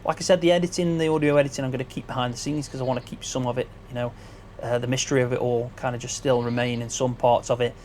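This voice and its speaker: A man's voice: medium pitch, steady tone, fast talker, a little mellow, a little hiss or hum. Chatty man on a headset. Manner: chatty, grateful, loose, with restarts. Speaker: gaming video creator. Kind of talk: casual behind-the-scenes talk.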